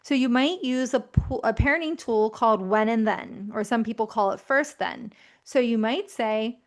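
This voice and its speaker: A woman in her thirties giving calm, reassuring parenting advice in a gently explanatory way. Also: a little high, normal speed. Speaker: parenting educator.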